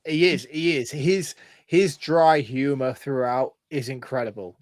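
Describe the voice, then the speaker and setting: A man co-hosting a podcast, talking about a film in an earnest, enthusiastic way that rambles a little. His voice has a middle pitch, recorded dry and close. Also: unhurried, no room sound. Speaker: podcast co-host. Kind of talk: casual film review chat.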